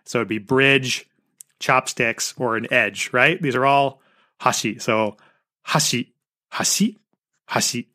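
Male interview host, bright tone, casual and playful, gives listeners background. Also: medium pitch, steady tone, slow. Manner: chatty, explains things and jokes around. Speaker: podcast host.

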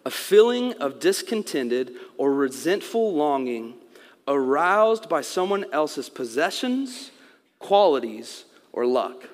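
High-voiced man preaching in a hall. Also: big pitch swings, slow. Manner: conversational preaching, acts out quotes. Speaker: pastor. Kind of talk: sermon.

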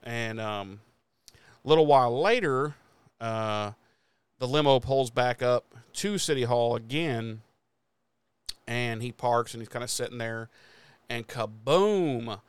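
Guy rambling through a show recap, cursing a ton, smooth clear voice, dry close sound. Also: medium pitch, slow pace, pauses often, dry recording. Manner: rambling, swears a lot, laughs often. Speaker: podcast host recapping episodes. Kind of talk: casual profane recap chat.

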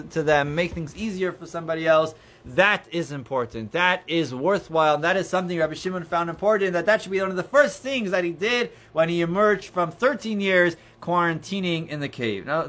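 A man's voice: on the high side, fairly bright tone. A man teaching an informal Torah lesson, conversational and storytelling, with frequent restarts. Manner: conversational, many restarts and "you know"s, storytelling. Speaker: rabbi teaching a class. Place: indoors near books.

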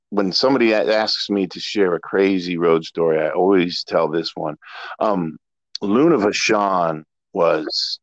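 Low-voiced man telling road stories. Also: dry recording. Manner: relaxed, rambling storyteller. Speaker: interview guest, former pro wrestler. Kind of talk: casual storytelling interview. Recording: dull lo-fi dry audio.

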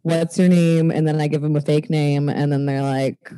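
A woman's voice: sits low, level tone, fairly quick, mellow, clean tone. A young woman from Maine, a guest joking crudely and laughing often in a casual podcast chat. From Maine, USA. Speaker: stripper and comedian guest.

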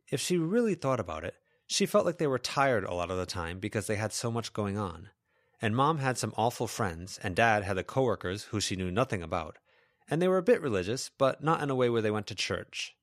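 A male narrator with a low voice, reading a fan-made audiobook at a steady pace. He gives small upward lifts to the heroine's inner questions. The recording is close and dry. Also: dry recording.

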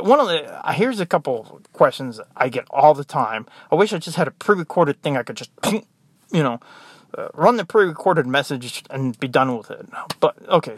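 A man's voice: fairly high pitch, no room sound. An American man who works as a nurse, talking in a rambling, exasperated, joking monologue. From United States. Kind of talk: casual monologue.

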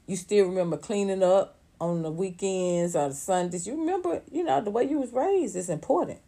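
A woman, hosting casual celebrity gossip commentary in an animated, profane way, laughing often. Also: on the low side. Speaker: commentary channel host.

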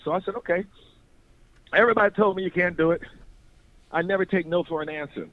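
Talking fast but with long pauses, a high-voiced man from North Carolina recounts his life in lively storytelling chat, acting out voices, repeating himself and laughing frequently. The dry recording sounds tinny, like a phone call on radio.

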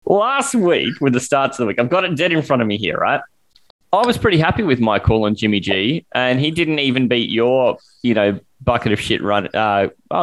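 A man, co-hosting a podcast and teasing his co-host about their fantasy football matchup. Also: medium pitch. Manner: animated teasing, mock chants. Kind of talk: casual fantasy football chat.

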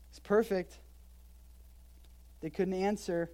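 A woman's voice: medium pitch, a little slow, pauses often. A woman preaching an expository sermon in a church, talking conversationally and emphatically, with joking asides. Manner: emphatic, lively delivery. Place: church in Hawaii.

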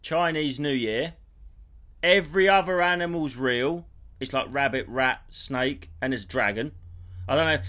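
A man's voice: medium pitch, a little slow. A man co-hosting a casual podcast, rambling playfully through odd theories. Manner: animated, rambling, playful conspiracy musing. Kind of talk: casual chat.

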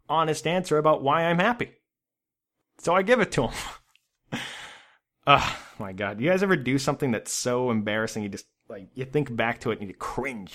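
A man hosting a podcast tells a story in an animated, self-mocking way. His voice sits at a middle pitch but swings widely up and down. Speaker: podcast host. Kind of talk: storytelling monologue.

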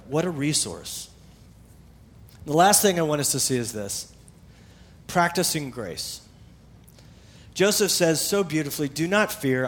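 A middle-aged male pastor with a high-pitched voice preaches a sermon in a conversational, animated style, driving points home through emphatic repetition.

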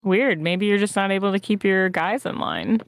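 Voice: medium pitch, normal speed, no echo, clean studio sound. A player in a tabletop role-playing game who jokes and teases.

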